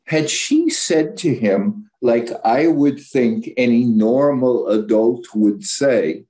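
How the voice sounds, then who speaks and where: A male psychologist speaking as a guest takes his time, pausing little, in a warm, medium-pitched voice. The lecture is casual and bluntly honest, and he frequently stumbles and corrects himself.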